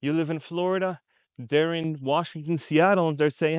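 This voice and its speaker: A man with a slightly high voice giving a heated commentary. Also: normal speed, no room sound, studio quality. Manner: conversational and emphatic, repeats points and acts out quoted reactions. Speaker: commentary vlogger. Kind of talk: unscripted commentary to camera.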